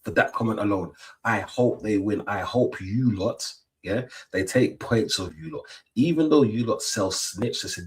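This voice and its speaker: A man's voice: fairly low pitch, lively intonation, moderate pace. A young British man hosting a casual football livestream, full of playful trash talk and "yeah?" tags. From Britain. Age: young adult. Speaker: livestream host. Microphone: webcam mic.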